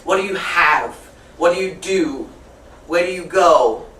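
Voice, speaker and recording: Lively woman teaching in an echoey classroom. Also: fairly low pitch, a little slow. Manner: lively, repeats and corrects students. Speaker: teacher trainer. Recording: echoey classroom from far off with faint noise.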